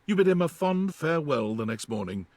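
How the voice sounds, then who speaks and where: A man's voice: a little high, big pitch swings, fairly quick, darkish tone, dry recording. A man narrating a video game in a wry, storytelling manner. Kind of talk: scripted narration.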